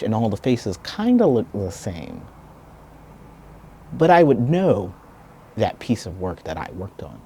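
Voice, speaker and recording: A man telling a personal story in a reflective, soft-spoken and earnest way. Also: on the low side, slight background noise. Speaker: video essayist.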